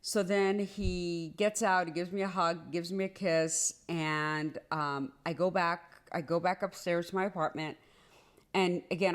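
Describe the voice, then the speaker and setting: Animated woman telling a personal story. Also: on the low side. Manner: animated, rushed, repeats herself with many "like"s. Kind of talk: casual storytime monologue.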